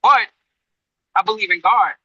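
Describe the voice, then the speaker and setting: A man tells a story to a group in loose, rambling fashion, backing up and restarting and stopping to ask his listeners questions. His voice is very bright and sharp. The sound is dry and a bit dull and lo-fi. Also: high voice, a little slow, slightly rough, no echo. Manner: rambling, frequent restarts, addresses listeners directly. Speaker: Muay Thai gym trainer.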